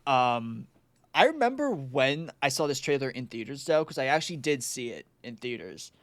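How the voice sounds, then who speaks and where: A man's voice: mid-range voice, big pitch swings, moderate pace, no room sound. A young man co-hosting a podcast, chatting casually, laughing and swearing freely. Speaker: podcast co-host. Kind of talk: casual chat.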